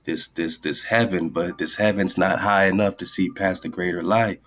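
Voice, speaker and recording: Hosting a radio talk show, a man with a low, fairly bright voice speaks at a moderate pace with fairly even intonation. He rambles through ideas in casual esoteric commentary over a screen share, capping lines with "right?" and "man".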